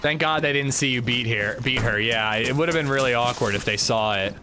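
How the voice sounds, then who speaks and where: A gaming livestream host talks briskly in a mid-range voice over a noisy background. He keeps up casual chat while playing, telling animated, jokey stories.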